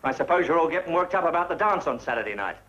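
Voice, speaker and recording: A barking army officer. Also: male voice, on the high side, lively intonation, rapid-fire, fairly bright tone, muffled recording, slight background noise. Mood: brisk. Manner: clipped, commanding. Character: brisk, barking British army officer, man. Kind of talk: 1950s film comedy acting.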